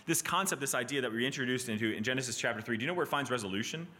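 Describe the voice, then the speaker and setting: A man teaching a Bible study class in a casual, animated way, often asking "right?" and restarting his sentences. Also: medium pitch, racing, a little hiss or hum.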